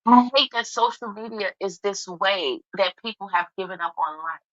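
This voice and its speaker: A woman's voice: mid-range voice, normal speed, dry recording. Tearful, emphatic woman on a dull call line. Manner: emphatic, profane, heartfelt. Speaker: guest. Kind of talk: casual livestream chat. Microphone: video call. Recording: dull, dry call audio.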